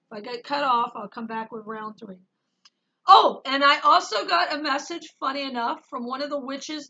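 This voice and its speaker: A woman's voice: high-pitched, pushed and bright, husky, lo-fi sound. A woman giving an emotional personal testimony as a Christian vlogger, speaking emphatically and reading scripture aloud with rising intensity.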